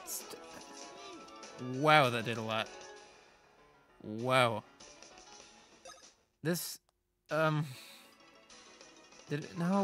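A man's voice: on the high side, fairly even intonation, very slow, pauses often, fairly bright tone, soft background music. A man giving casual, rambling commentary while playing a video game, reacting aloud and joking at his own expense. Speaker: let's play host.

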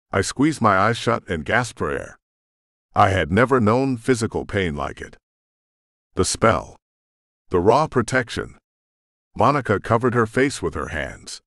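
A man's voice: lowish voice, very animated, unhurried, long pauses, fairly bright tone, no room sound, studio quality. A man narrating a romance audiobook in first person with dramatic, intense storytelling.

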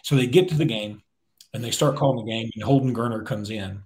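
A man's voice: medium pitch, fast talker. Laid-back man telling stories. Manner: relaxed storyteller, laughs through stories. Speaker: podcast co-host. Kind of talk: casual sports talk.

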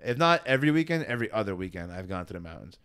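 A man's voice: on the low side, very animated, very fast, a bit bright, clear, resonant tone. A man co-hosting a podcast, telling a travel story in a laid-back, profane way with lots of "dude" and "man". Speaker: podcast co-host. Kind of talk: casual chat.

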